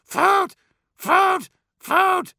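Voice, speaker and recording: A man voicing a flock of hungry, cackling crows with shrill squawking cries. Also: very slow, vocal fry, bright, forceful tone, no echo, studio quality, full character voice. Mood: greedy squawking.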